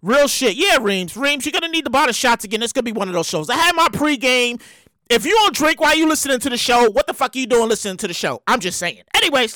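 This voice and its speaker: A woman with a high, sharp voice and no echo hosts a podcast, launching into a casual comedic rant. She swears freely and repeats herself out of exasperation.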